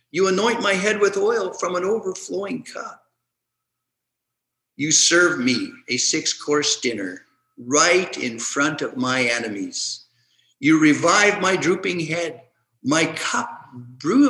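A man preaching a sermon, reading scripture aloud in a measured, deliberate way with dramatic swings between loud and hushed. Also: on the high side, vocal fry, reverberant, low-quality recording. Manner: slow, measured delivery with dramatic shifts in loudness.

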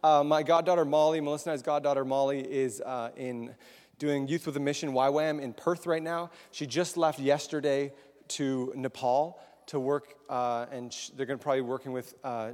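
In a big hall full of worshippers, a male preacher speaks at medium pitch with a steady, somewhat dark tone and a moderate pace. His sermon is informal and chatty, and he keeps asking the audience questions as long hall echoes ring out.

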